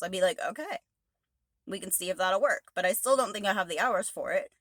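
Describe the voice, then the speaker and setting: A woman's voice: medium pitch, animated, brisk, bright, forceful tone, no echo. A woman truck driver ranting angrily to camera, swearing heavily and exasperated. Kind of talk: angry rant to camera.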